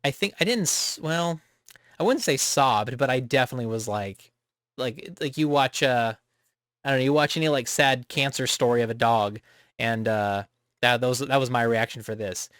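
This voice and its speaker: Animated man chatting on a podcast. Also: normal speed, dry recording, clean studio sound. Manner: animated, laughing, jumps up in pitch on exclamations. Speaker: podcast co-host. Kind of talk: casual chat.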